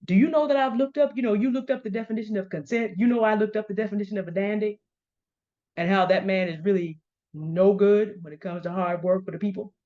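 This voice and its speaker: A middle-aged woman delivers confrontational commentary straight to camera, calling people out by name in a pointed, deliberate way. Her voice sits at a middle pitch. The recording is dull and slightly lo-fi. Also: warm tone. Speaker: commentary host. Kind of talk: direct-address commentary. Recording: dull lo-fi sound.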